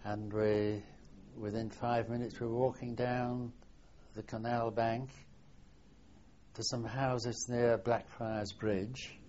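An elderly man looks back on his wartime service in an oral history interview, his voice sitting low. He speaks haltingly, restarting often and letting sentences sink away softly. The sound is dull and lo-fi, like an old archival tape. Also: slight background noise. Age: older. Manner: halting reminiscing, trailing off softly. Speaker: war veteran interviewee.

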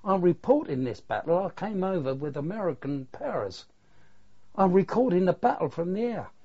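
Old guy doing a panicky yank reporter, squeaky and loud, mellow husky tone. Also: big pitch swings, normal speed, full character voice. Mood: insistent. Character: flustered American male war correspondent, panicky. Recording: dull lo-fi recording.

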